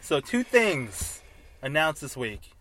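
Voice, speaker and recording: A man's voice: a little high, very animated, over a noisy crowd. A man hosting a casual podcast from a car, easygoing and laughing often, getting eager when he talks about things he likes. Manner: easygoing, quick laugher, enthusiastic about cars. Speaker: podcast host. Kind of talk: casual chat. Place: inside a car.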